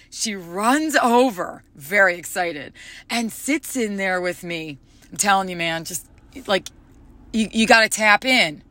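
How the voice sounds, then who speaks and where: A woman telling a personal story in a casual, animated way, laughing often and acting out the voices of the people in it. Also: on the high side, no room sound. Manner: frequent filler words.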